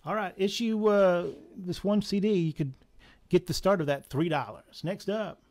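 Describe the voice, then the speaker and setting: A man's voice: high-pitched, normal speed, a little mellow. Chuckling Southern man running a sale. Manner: chatty, chuckling, jokey asides. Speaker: comic shop owner running a live sale. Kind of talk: casual live sale patter.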